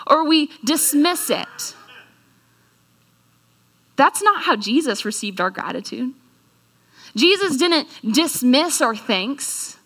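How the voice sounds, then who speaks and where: Woman, sermon, earnest, unhurried delivery, high pitch. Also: fairly bright tone. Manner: earnest, slows down for scripture quotes and asks the listeners questions. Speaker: speaker at a church talk.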